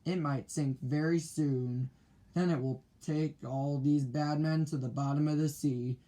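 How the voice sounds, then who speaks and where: A man voicing a clever female parrot who speaks in a hushed, conspiratorial way in a children's storybook reading. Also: a little high, steady tone, measured pace, close to an everyday voice.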